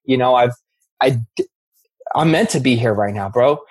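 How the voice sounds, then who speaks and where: A man's voice: mid-range voice, normal speed, darkish tone, breathy edge. A man sharing his personal recovery story in candid, emphatic talk. He often says "bro" and restarts his sentences.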